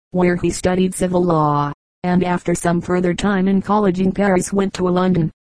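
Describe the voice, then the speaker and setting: A woman reading a nonfiction audiobook aloud in a measured, even narration. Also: on the low side, dry recording, low-quality recording. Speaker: audiobook reader. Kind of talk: scripted narration.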